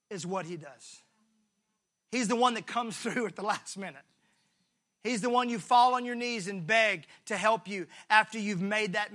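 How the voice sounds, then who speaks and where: A man pastor preaching a sermon, repeating his phrases for rhythm and swinging from shouts to hushed lines. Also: sits high. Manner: acts out the voices of the people in the story.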